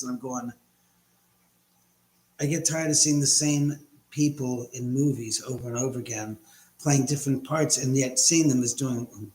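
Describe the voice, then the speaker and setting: A man's voice: mid-range voice, fairly even intonation, moderate pace, pauses often. A man hosting a casual live stream from home, rambling and blunt with casual swearing. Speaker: livestream host. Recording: echoey room.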